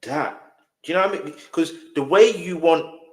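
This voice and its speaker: A man hosts a reaction video, commenting emphatically, repeating his points and speaking straight to viewers. His voice is on the high side at a moderate pace, with roomy echo in the recording.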